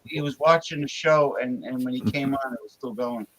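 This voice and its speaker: A man hosting an online talk show, excitable, often exclaiming and repeating himself. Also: medium pitch, moderate pace, poor audio. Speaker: host. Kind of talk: casual call-in talk show banter.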